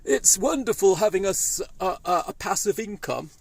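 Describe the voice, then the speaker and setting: A man's voice: high-pitched, expressive, normal speed, vocal fry, no room sound, full character voice. A man voicing a pompous, boastful male prime minister, chirpy and smug. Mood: smug boasting.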